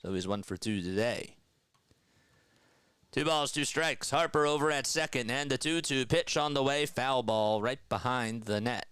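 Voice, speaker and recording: Bright, crisp-voiced man calling baseball. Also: normal speed, no echo. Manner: energetic, chats with viewers between pitches. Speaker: play-by-play streamer. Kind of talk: live baseball play-by-play with chat banter.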